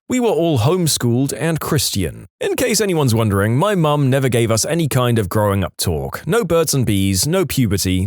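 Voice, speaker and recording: A man narrating reader-submitted stories in a scripted, expressive way, slowing down to land punchlines. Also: medium pitch, no echo, clean studio sound. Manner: expressive, slows down to stress punchlines. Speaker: storytime narrator.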